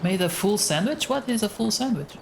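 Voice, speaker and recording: A man with a soft voice chatting casually with his viewers while he streams a game, rambling as he plays. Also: high-pitched, expressive, a little fast, vocal fry, background noise. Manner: rambling, talks to chat while playing. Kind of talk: casual live-stream gameplay chat. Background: faint game music.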